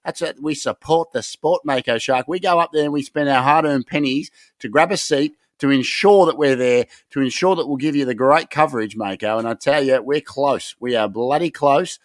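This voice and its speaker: A man's voice: medium pitch, moderate pace, hardly any pauses, no room sound, clean studio sound. An Australian man co-hosting a podcast, ranting in a rowdy, sweary way. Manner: rowdy, sweary, excitable rants. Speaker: podcast co-host. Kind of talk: hyped casual chat.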